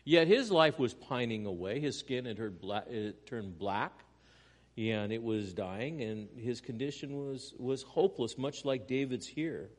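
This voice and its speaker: A man's voice: mid-range voice, measured pace, long reverb tail. Male pastor, mid-range voice, earnest preaching with dramatic dynamics. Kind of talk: sermon.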